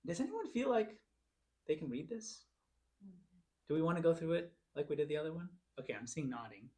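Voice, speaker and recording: Lively, encouraging man teaching a class. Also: on the high side. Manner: encouraging, sounds out words slowly. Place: church classroom.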